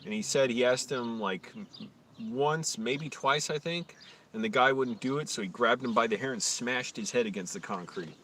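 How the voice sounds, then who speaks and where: A man's voice: mid-range voice, normal speed, a bit bright, far from the mic, a little hiss or hum. Profane man ranting on a live stream. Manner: profane, rambling, sarcastic mock voices. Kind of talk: casual ranting monologue.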